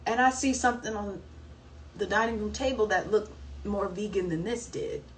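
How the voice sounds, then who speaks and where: A young woman from the American South telling a story in a casual, animated and dramatic way. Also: medium pitch, normal speed. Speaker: singer on a livestream. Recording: distant mic, faint background noise.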